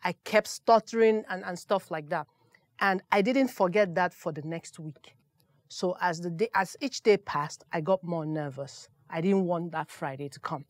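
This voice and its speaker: A woman, a sports presenter telling lively, self-deprecating stories in a roundtable discussion. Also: lowish voice, normal speed, dry recording. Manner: animated, self-deprecating storytelling.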